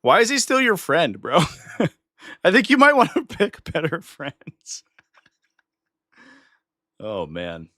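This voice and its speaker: A man's voice: fairly high pitch, wildly swooping pitch, slow, long pauses, sharp tone, no echo, studio quality. A man hosting a live stream, talking in a chatty, opinionated way and offering casual commentary. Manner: chatty and opinionated, slips into mock voices of others.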